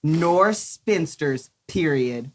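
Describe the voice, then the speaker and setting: A woman reading a proud, sharp-tongued society woman at a table read, slowly saying the punctuation marks aloud. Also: sits low, expressive, heavily acted. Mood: wry.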